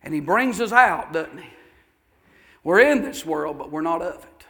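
A man's voice: on the high side, animated, normal speed, sharp tone. A male pastor preaching a sermon, telling folksy stories with fervor and repeating his phrases.

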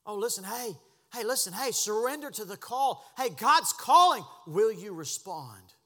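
A man preaching a sermon as pastor, impassioned, dropping to a hush and then rising to a shout. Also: high voice, lively intonation, moderate pace, long reverb tail. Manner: impassioned, swings from hushed to shouting. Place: church sanctuary.

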